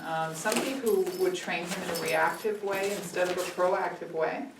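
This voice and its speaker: Calm woman trainer in an echoey room. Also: lowish voice, moderate pace. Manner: calm, steady instructive tone. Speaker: puppy trainer. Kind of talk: explaining puppy training to owners. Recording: echoey room, distant mic, faint noise.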